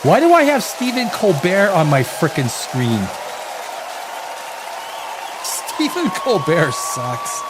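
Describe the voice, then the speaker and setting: A man hosting a rowdy live stream, loud and rambling, swearing and reading chat comments aloud, a little tipsy from wine. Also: high-pitched, slow, long pauses, crowd noise, noisy background. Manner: animated, swings between shouting and muttering. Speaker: live show host.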